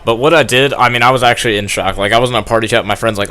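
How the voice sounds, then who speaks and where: Bright-voiced young man rambling over gameplay. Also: mid-range voice, steady tone, racing, a little hiss or hum. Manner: rambling, self-deprecating, laughs often, gets worked up. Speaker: gaming commentator. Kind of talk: casual gameplay commentary. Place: at home playing on a TV. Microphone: gaming headset.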